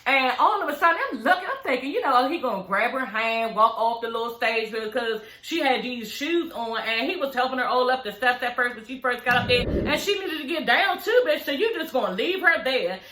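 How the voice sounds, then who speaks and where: A woman casually recapping a reality show episode, animated and profane, often calling out to her viewers. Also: high voice, a little fast, hardly any pauses, roomy sound, low-quality recording.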